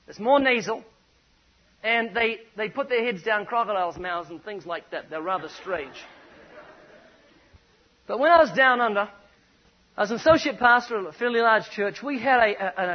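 A man with a New Zealand accent preaches in a high, ringing voice, telling stories and driving his points home with emphatic repetition. The recording is dull and muffled. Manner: storytelling, emphatic, punchy repetition. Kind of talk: sermon.

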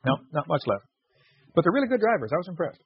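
A man's voice: fairly high pitch, very animated, fast, breathy edge. A man hosting a radio show, reading listener letters aloud and telling jokey stories with frequent laughs. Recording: dull lo-fi radio recording.

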